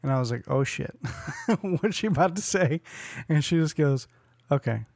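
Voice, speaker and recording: A man in his forties tells a long story on a podcast, slightly higher-pitched than most men. He acts out other people's lines and laughs as he goes. His voice sits close and dry on the mic. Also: normal speed, no room sound. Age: 40s. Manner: animated storyteller who acts out quotes and laughs often. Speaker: podcast co-host. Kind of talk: casual storytelling chat.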